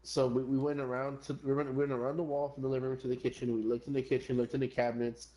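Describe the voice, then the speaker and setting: A man's voice: medium pitch, flat delivery, quick pace, mellow, rough recording. Rambling, cursing young man telling a story. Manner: profane, rambling, says "bro" a lot; switches between English and Spanish. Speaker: gamer streamer. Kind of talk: casual storytelling while gaming.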